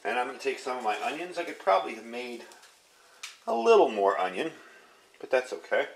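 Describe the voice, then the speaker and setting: A man's voice: mid-range voice, brisk, creaky, slight background noise. A man in his fifties chatting casually as he walks through a cooking demonstration. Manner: chatty, relaxed, talks while cooking. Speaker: home cook.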